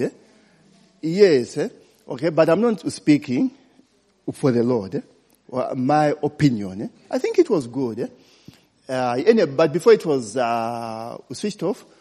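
The preacher's voice is mid-pitched, warm, and husky, echoing with long hall reverb. He chats through an informal sermon, regularly tossing in "eh?" and "okay?" to check on his audience.

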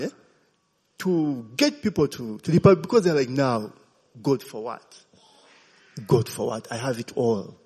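Male preacher, slow deliberate sermon, husky voice, emphatic, echoey church hall. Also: medium pitch, darkish tone. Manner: emphatic, asks the congregation "okay?" often.

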